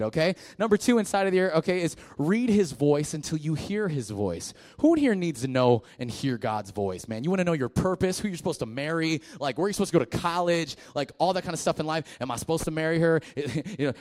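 Animated young male preacher. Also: a little high. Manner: animated, jokey, acts out listeners in put-on voices, swings from loud to hushed. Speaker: pastor. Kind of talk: energetic youth sermon.

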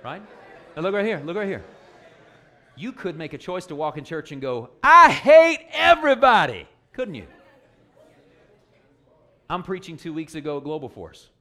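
A man's voice: a little high, animated, normal speed, pauses often, a faint crowd. A man preaching a sermon, joking with the congregation and calling for responses. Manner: call-and-response, joking, emphatic.

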